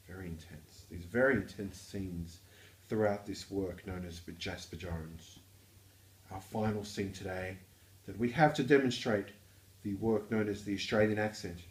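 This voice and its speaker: A man giving a mock-formal, pompous and deadpan introduction as a guest reader. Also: sits low, a little slow, reverberant.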